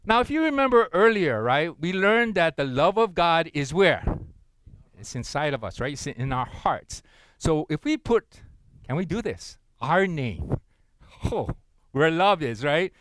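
A middle-aged male pastor delivers an interactive sermon, coaxing his listeners to read along and checking in with them constantly. His voice sits a little high and rings smooth and resonant. The sound is close and dry, with no room echo. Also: very animated, unhurried, fairly bright tone. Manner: interactive, leads congregation in unison reading; frequent tag questions, earnest and encouraging.

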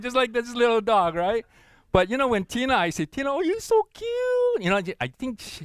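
Middle-aged male preacher, lively and playful, slightly high voice, dry close sound. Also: no room sound, rough recording. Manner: animated, playful, big swings between loud and hushed. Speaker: pastor. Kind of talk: sermon.

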